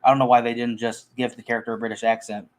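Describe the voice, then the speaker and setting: A man's voice: mid-range voice, flat delivery, very fast. A man in casual conversation about a film, talking in a rambling way with frequent restarts and fillers. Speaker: movie podcast co-host.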